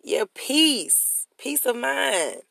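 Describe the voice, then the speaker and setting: Gravelly, preachy motivational podcast host. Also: high voice, very animated, very slow, sharp tone, dry recording. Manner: preachy, repetitive call-and-response. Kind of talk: motivational talk.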